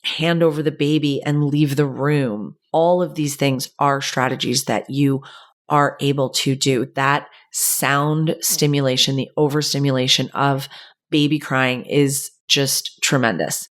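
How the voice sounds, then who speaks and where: A young woman talks through a solo podcast episode in a loose, chatty way, often dropping fillers into her sentences. Her voice sits a little low for a woman. She sounds animated and conversational. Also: unhurried. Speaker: podcast host. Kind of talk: casual solo podcast talk.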